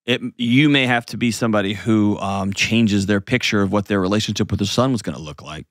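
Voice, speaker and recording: A man's voice: on the low side, brisk, dry recording, studio quality. A man hosting an advice show, explaining parenting earnestly and acting out little scenes in changed voices.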